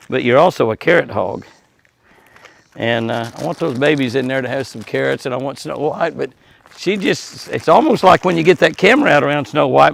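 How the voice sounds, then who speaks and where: Older man, folksy ranch vlogger, gravelly tone, recorded outdoors. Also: fairly high pitch, fairly bright tone. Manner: chatty, folksy, chuckles often, talks to animals. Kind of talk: casual outdoor vlog narration. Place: outdoors by an animal pen at dusk.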